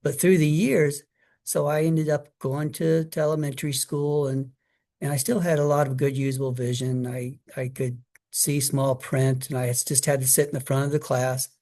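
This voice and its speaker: A man's voice: medium pitch, little pitch movement, moderate pace, warm tone. A middle-aged man telling a personal story to an audience in a conversational way, acting out quoted voices, with fillers and restarts. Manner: conversational storytelling, acts out his child self and mother in quotes. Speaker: guest speaker.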